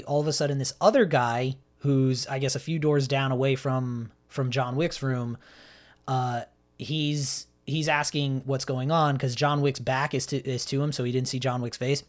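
A man's voice: medium pitch, fairly even intonation, moderate pace. A man chatting casually, retelling a story at length with many fillers and restarts. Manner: rambling retelling with acted-out quotes and many fillers. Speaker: podcast co-host recapping a film. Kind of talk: casual chat.

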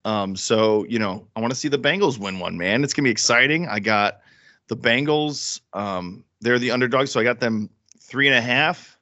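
Bright-voiced man telling rambling stories. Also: mid-range voice, moderate pace. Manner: rambling storyteller, swears freely. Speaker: podcast co-host. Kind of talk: casual sports chat. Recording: dull lo-fi sound.

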